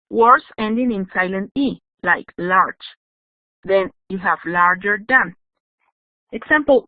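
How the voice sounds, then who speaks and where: A woman's voice: medium pitch, no room sound. A woman teaching English grammar in an online class, explaining patiently and checking in with "yes?". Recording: dry, tinny phone-like audio.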